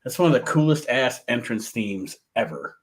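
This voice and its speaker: A man's voice: medium pitch, very animated, normal speed. A man in casual podcast chat, giving emphatic opinions and laughing often. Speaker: podcast co-host. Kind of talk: casual chat about wrestling.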